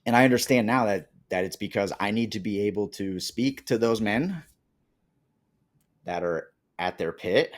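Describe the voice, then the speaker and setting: A man's voice: on the low side, moderate pace. A man from Colombia, a podcast guest, telling his life story in casual conversation and acting out the dialogue he recalls. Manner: animated, acts out quoted dialogue.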